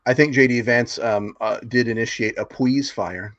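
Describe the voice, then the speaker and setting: A man's voice: mid-range voice, normal speed, fairly bright tone, no room sound. A man co-hosting a casual political podcast, running through numbers from notes with frequent fillers and chuckles. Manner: laughs often, fillers, reads figures from notes. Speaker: podcast co-host. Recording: dry, dull lo-fi sound.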